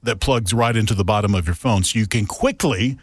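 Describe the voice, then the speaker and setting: A man's voice: on the low side, fairly quick, no room sound. A man hosting a podcast in casual, joking chat with a friend, recorded in a radio station studio. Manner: chatty, animated, joking. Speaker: podcast host.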